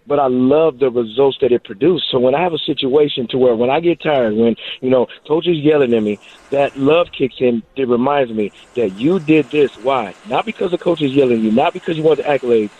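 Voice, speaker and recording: Fast-talking man on a phone line. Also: medium pitch, slightly rough. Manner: animated storytelling, emphatic. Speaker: former wide receiver and coach, phone guest. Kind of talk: casual sports radio chat.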